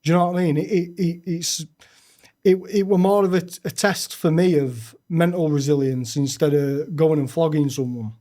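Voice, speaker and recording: Frank man, halting. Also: a little high, warm tone. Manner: frank, halting, with many restarts. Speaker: podcast guest. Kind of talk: candid personal storytelling.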